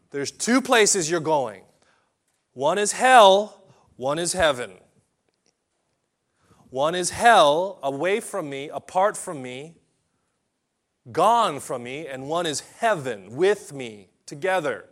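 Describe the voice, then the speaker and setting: Preacher guy giving a sermon, slow, kinda high voice, goes loud then hushed. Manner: dramatic, swinging from loud declarations to quiet asides. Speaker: pastor.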